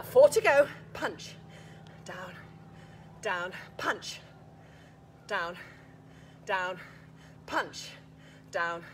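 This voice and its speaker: A woman's voice: fairly low pitch, pushed and bright, slight background noise. A woman leading a live workout class, counting reps, cueing moves and encouraging everyone while a bit out of breath. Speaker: fitness instructor. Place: outdoors.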